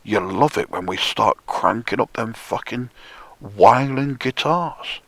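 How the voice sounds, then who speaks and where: A man delivering a profane, sneering monologue, often dropping into hushed whispers for emphasis. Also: medium pitch, animated, takes it slowly, creaky, no echo. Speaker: conspiracy commentator. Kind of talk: ranting monologue.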